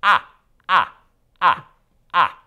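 A man's voice: lively intonation, smooth, highs cut off, exaggerated voice. A man voicing a five-year-old male vampire bat puppet in a children's lesson, speaking with a put-on Eastern European accent in a grand, count-like manner. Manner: grand, drawn-out count-like delivery with sweeping pitch. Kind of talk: children's educational puppet skit.

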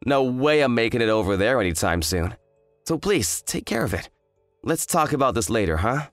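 A man's voice: medium pitch, very animated, moderate pace, dry recording, faint music behind. A man voicing an arrogant, hungover young fiancé who talks in a smug, dismissive drawl. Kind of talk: dramatized story voice acting.

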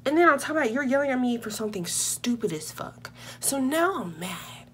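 A young woman vlogger telling a comedic story in a brash, profane and animated way. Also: sits high, moderate pace, a little hiss or hum.

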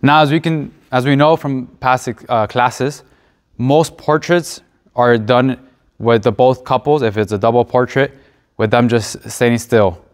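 A man's voice: mid-range voice, steady tone, unhurried. Young male seminarian, mock tour guide for a class presentation, earnest, chatty, stumbles and restarts now and then. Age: young adult. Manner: conversational and earnest, with restarts and uh fillers.

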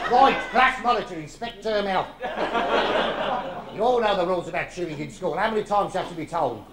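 A fussy, strict headmaster, played by a solo stage performer scolds his pupils in clipped bursts. He swings from sharp shouts to quiet, pointed remarks, and his pitch ranges widely. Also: reverberant.

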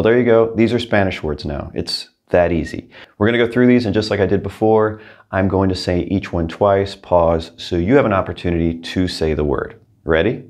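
Low-voiced man teaching Spanish. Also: darkish tone. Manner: patient, clear, repeats each word twice. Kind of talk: scripted language lesson.

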